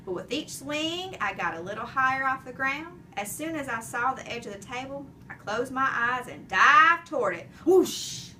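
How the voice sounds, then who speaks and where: A woman narrating a children's chapter book in an expressive, animated storytelling way. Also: sits high, moderate pace, few pauses, recorded from a distance, a little hiss or hum. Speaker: audiobook reader.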